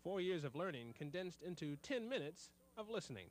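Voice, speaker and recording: Tv news guy, high voice, bouncy intonation. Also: sing-song, brisk, slight background noise. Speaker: TV news reporter. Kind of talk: broadcast news narration.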